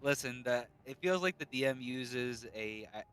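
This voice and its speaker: A man's voice: medium pitch, expressive, moderate pace, fairly bright tone, soft background music. A man playing in a tabletop game, joking and playful. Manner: playful, jokey. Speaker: player. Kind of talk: casual tabletop play.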